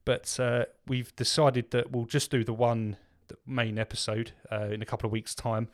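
A man's voice: mid-range voice, level tone, normal speed. A man co-hosting a podcast in casual chat, rambling with lots of filler words and restarts. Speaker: podcast co-host.

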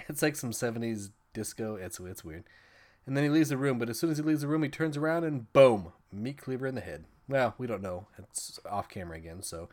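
A man hosting a casual film podcast talks quickly at a mid pitch. He rambles through scene recaps with profanity and bursts of laughter. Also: lively intonation, a little mellow. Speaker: podcast host reviewing films.

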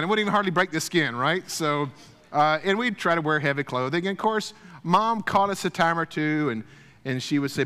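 A middle-aged man gives a folksy, storytelling sermon, often clearing his throat and restarting his sentences. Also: on the high side, a bit bright. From Deep South, USA. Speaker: speaker at a church gathering. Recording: long hall reverb.

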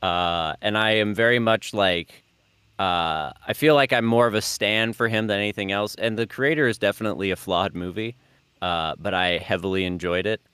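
A man's voice: fairly low pitch, normal speed, fairly bright tone, clean tone, no echo. A man co-hosting a casual podcast chat, joking and telling stories with animation. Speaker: podcast co-host.

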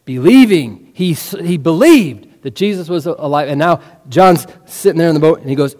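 High-pitched preacher guy, super animated, lots of questions to the crowd, long echoey church reverb. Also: fairly quick, few pauses. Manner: animated storytelling with rhetorical questions to the congregation. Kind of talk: sermon. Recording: long reverb of a large hall.

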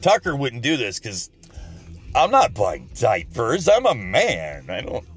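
A man's voice: medium pitch, wildly swooping pitch, unhurried. A man in his forties hosting his own channel, ranting sarcastically and with plenty of swearing in a rambling political monologue.

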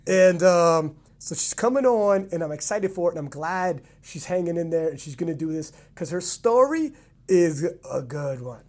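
A man's voice: on the high side, animated, normal speed, a little mellow. A man from Canada hosting a casual podcast, teasing and laughing often as he talks. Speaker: podcast host.

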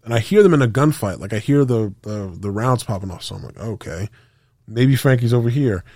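A man's voice: fairly low pitch, a little fast, no room sound. Male podcast co-host, casual storyteller, swears freely, acts out voices and gunfire, dry close mic. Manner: animated, profane, acts out quotes with sound effects.

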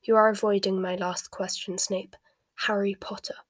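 A woman reading a scornful, fanatically loyal dark witch aloud in a whispered storybook voice, sneering and quick to flare. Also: medium pitch, flat delivery, natural voice.

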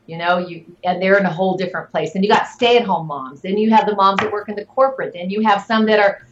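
A woman's voice: medium pitch, fairly even intonation, fast, muffled recording, noisy background. A middle-aged woman giving advice as an interview guest, talking earnestly with lots of fillers. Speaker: guest, network marketing leader. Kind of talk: casual interview talk.

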